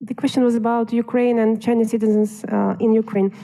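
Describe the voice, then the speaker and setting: A woman's voice: fairly high pitch, flat delivery, brisk, gravelly, warm tone, low-quality recording. A woman answering a question on an academic panel, hesitant, with many fillers and restarts. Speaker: panel speaker.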